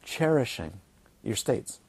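A man teaching a dharma talk to retreat students, playful and animated, repeating words for emphasis and mimicking his students. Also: medium pitch, slow, vocal fry, slight background noise. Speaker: Buddhist teacher. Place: retreat centre teaching hall.

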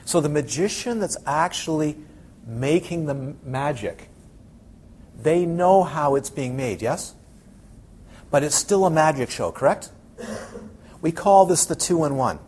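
Guy teaching a buddhism class, kinda high voice, lively, keeps asking the room questions, light room hiss. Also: measured pace, long pauses. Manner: animated, asks the audience many questions, acts out quotes. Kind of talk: dharma talk to a class.

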